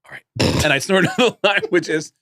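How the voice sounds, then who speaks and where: Brief: middle-aged man, lively podcast storyteller, bright tense tone, dry mic. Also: high voice, fast talker, no room sound. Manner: animated storyteller acting out voices. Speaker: podcast co-host. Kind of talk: casual chat.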